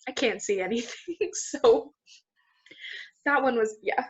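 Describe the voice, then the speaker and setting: A woman's voice: a little high, animated, takes it slowly. A young woman co-hosting a casual chat, talkative and self-deprecating, laughing often. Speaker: podcast co-host. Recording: dull lo-fi recording.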